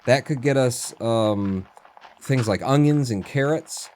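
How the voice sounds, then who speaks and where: A man commentating his own gameplay in an easy, chatty way, thinking out loud and cursing now and then. His voice sits in an ordinary middle pitch. A faint hiss runs under the recording. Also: slow pace. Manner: chatty, muttering to himself, swearing. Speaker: streamer.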